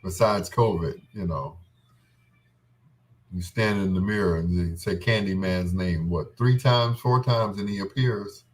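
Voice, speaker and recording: A man's voice: deep voice, unhurried. A man hosting a show, telling comic stories in a rambling way, laughing often and slipping into voices. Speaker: host. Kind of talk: comedic storytelling monologue.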